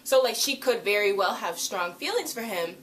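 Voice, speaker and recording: A woman's voice: mid-range voice, normal speed, slight background noise. Chatty young woman reviewing a show. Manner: animated, swings between loud outbursts and hushed asides; frequent "like" fillers, slangy. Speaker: TV episode reviewer. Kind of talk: casual vlog review.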